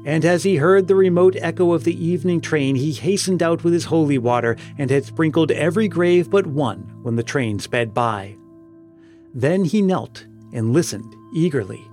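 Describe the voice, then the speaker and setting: A man narrates a dark tale in a measured, solemn way at a middling pitch. Clear music plays behind his reading. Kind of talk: audiobook narration.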